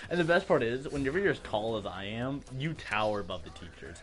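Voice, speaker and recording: A man's voice: medium pitch, very animated, fairly quick, a bit bright. A teenage boy hosting a podcast, telling school stories in casual chat and acting out the voices of the people in them. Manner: storytelling, acts out quoted voices, laughs often. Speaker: podcast host.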